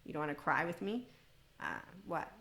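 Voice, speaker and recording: Female podcast host, low-set bright voice, blunt, rambling monologue. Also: wildly swooping pitch, moderate pace. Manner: blunt, rambling and self-amused. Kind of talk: spiritual self-help monologue.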